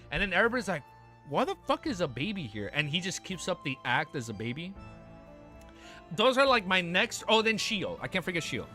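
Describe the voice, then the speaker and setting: A man streaming live, reading a novel aloud and breaking off into excited, profane reactions. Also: a little high.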